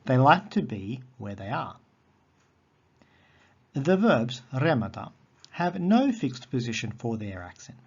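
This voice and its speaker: A man teaching a recorded lesson on Greek accents, methodical and repeating key terms slowly. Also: mid-range voice, very animated, husky, muffled recording.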